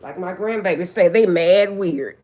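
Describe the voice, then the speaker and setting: An older woman hosting a casual livestream from her phone, telling stories in a chatty, animated way. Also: on the low side, background noise. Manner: chatty, animated storytelling, drawn-out asides. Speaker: livestream host.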